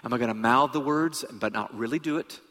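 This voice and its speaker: A man preaching a sermon to a congregation, telling a personal story in an animated way that swings from hushed to loud. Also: medium pitch, brisk. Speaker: guest preacher. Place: large church hall. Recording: long hall reverb.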